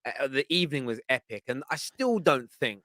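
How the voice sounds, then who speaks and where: A male football podcast host with a bright, forceful voice. He is recorded dry and close, and he asks his guest questions with eager energy. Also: medium pitch, big pitch swings, moderate pace, dry recording. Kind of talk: casual podcast hosting.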